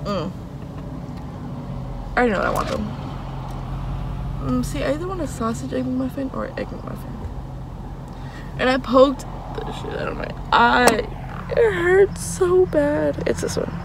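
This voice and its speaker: A young woman vlogging in a high, gravelly voice. She chats casually and unhurriedly, leaning on "like" as she talks. A faint background hiss sits under her voice. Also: lively intonation, a little slow, long pauses. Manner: chatty, fills speech with "like". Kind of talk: casual vlog chat.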